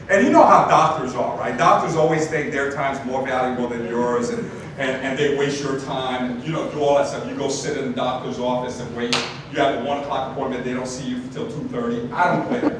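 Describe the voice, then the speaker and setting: A man telling a story to an audience, animated, acting out the people in it with laughs. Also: fairly high pitch. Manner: animated, acts out quoted voices with laughs. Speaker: speaker telling a business lesson story. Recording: distant mic in a very echoey room with noise.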